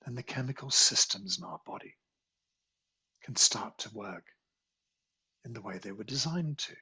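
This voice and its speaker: A man leads a guided qigong healing meditation, his voice gravelly and raspy yet bright and forceful in tone. He speaks in slow, soothing, repetitive phrases, sitting a little low in pitch. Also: lively intonation. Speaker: qigong teacher.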